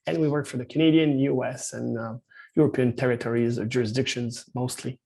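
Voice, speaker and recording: Quebec French-accented male presenter on a video call, gravelly and husky, halting with lots of ums. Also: medium pitch, steady tone, a little mellow. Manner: hesitant, many fillers and restarts. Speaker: company founder presenting at an industry seminar. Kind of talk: webinar presentation.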